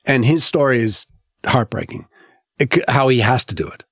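A man's voice: medium pitch, expressive, moderate pace, a bit bright, husky, no echo, clean studio sound. A man talking as a filmmaker guest in a casual interview, telling a story with many fillers and restarts, his voice lifting when he gets moved.

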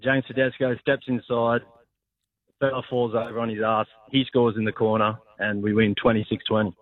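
A man's voice: on the low side, little pitch movement, moderate pace. Australian man phoning in, laid-back and friendly, tinny phone-line sound. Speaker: caller. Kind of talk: casual chat on a phone-in.

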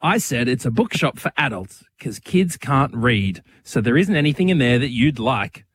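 Lively, giggly man. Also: medium pitch, moderate pace, slightly rough. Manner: animated, giggly, reads listener messages aloud. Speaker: radio co-host. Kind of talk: casual banter on a radio show.

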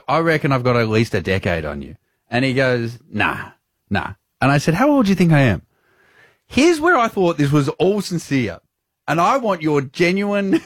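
A man in his thirties co-hosts a radio show, his pitch leaping around as he tells a story. His voice is a little husky, and the studio sound is close and dry. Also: no room sound. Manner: animated storyteller, laughs often. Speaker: radio co-host. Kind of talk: casual radio banter.

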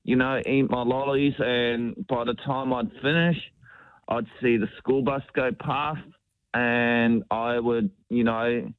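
A man's voice: mid-range voice, fairly even intonation, takes it slowly, clear, resonant tone, dry recording. A man from New Zealand calling in to a radio show, telling stories in a casual, easygoing way. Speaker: caller. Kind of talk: phone-in chat. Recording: tinny phone line.

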